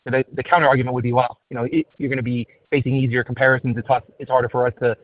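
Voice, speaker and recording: Fast-talking male analyst on the phone. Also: mid-range voice, little pitch movement, no echo. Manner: rapid, precise multi-part questions. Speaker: analyst caller. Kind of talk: earnings call questions. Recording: dry tinny phone line.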